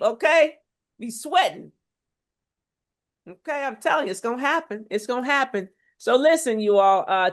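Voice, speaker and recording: Woman health coach preaching at her viewers, fairly high voice, keeps saying okay?, swoops way up when fired up. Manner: faith-filled and exhortative. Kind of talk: motivational online talk.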